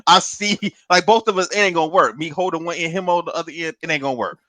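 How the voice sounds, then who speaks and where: A man's voice: on the high side, fast, bright, forceful tone, no room sound. A man co-hosting a podcast, telling a long story in casual chat, swearing, laughing often and acting out what other people said. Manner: acts out other people's lines while retelling. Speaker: podcast co-host.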